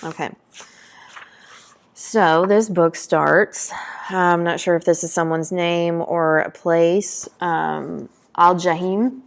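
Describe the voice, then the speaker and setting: Gravelly low-voiced woman reading a novel. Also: fairly even intonation, takes it slowly. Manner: dramatic reading, voicing battle sound effects. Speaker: book talk presenter.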